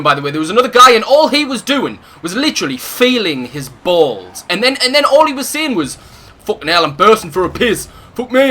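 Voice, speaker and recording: A man's voice: high voice, pushed and bright. A young man telling a profane, ranting story while playing a game, full of comic insults. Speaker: gaming video host. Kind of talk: ranting storytime over gameplay.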